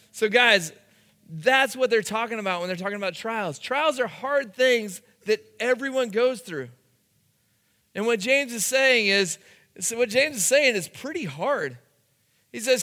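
A man's voice: high voice, bright, forceful tone, big-room sound. A man preaching a youth sermon, telling a funny school story and acting out the quotes. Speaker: youth pastor.

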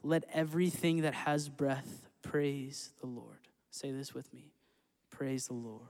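A man's voice: medium pitch, takes it slowly, darkish tone. A man speaking as a church worship leader, upbeat and joking, then earnestly reading scripture. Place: church sanctuary. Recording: echoey church hall with long reverb.

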